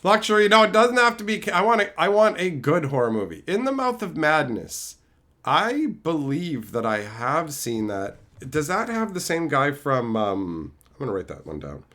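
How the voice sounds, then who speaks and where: Answering his livestream chat, this Canadian streamer swears, gets sarcastic and erupts in exasperation now and then. He speaks at normal speed in a fairly high, very animated voice with a slightly bright quality.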